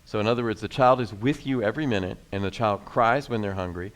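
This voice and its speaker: A male doctor on a panel, explaining things thoughtfully and pausing to restart his points. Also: fairly low pitch.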